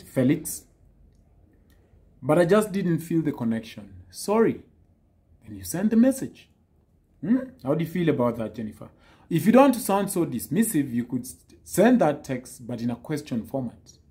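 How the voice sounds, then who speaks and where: Man, casual advice talk, mellow voice that swoops up and down, teasing delivery. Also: on the high side, normal speed. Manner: lively, teasing, acts out quoted texts. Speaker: dating advice speaker.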